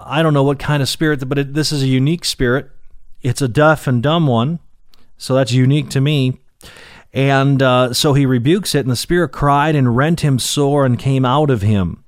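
Scripture is read aloud by a man with a darkish mid-range voice, who then explains it in a plain teaching manner, with fillers and restarts throughout. He speaks while in pain. It's a dry recording with clean studio sound.

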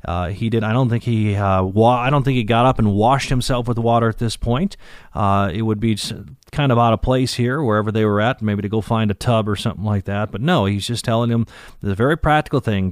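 A man's voice: lowish voice, fairly quick, no echo, clean studio sound. A man teaching a Bible passage verse by verse in a conversational way, stressing key words and reading the text aloud. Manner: conversational, with fillers and restarts, leans into key words.

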